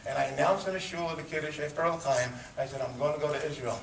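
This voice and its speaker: A man in his fifties telling a personal story, animated and acting out the voices of people he quotes. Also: fairly high pitch, racing, gravelly, slight background noise. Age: 50s. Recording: roomy sound from far off, faint ambience.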